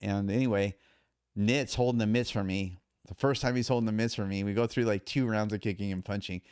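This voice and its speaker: A man, a podcast guest and endurance athlete, telling animated stories in casual talk with many restarts. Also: on the low side, fairly quick, smooth, dry recording, clean studio sound. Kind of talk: casual storytelling.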